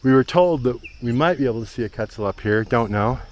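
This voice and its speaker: A man's voice: mid-range voice, animated, fast, a little mellow, slight background noise. Easygoing man vlogging on a mountain trail. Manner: easygoing, chatty, enthusiastic about the sights. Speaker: travel vlog host. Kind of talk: casual walking narration to camera.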